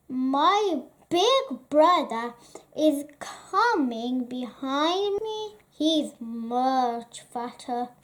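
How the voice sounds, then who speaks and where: Storybook billy goat, young male, medium-sized, quick-witted, high pleading tone, woman reader. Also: full character voice.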